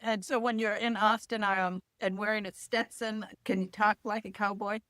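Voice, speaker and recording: A woman's voice: medium pitch, flat delivery, moderate pace, a bit bright, no echo. Woman, interview host, enthusiastic, gushing, dry sound. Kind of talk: chatty interview hosting. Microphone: video call.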